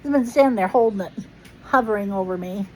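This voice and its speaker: A woman's voice: mid-range voice, fast, warm tone, poor audio. A middle-aged woman hosting a casual family chat at home, chatty and playful with frequent laughs. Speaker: host.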